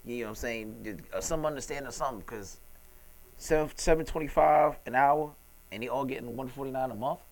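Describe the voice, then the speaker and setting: A man's voice: medium pitch, low-quality recording. A man hosting a radio talk show, joking and casual with his guest. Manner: quick, bright, joking.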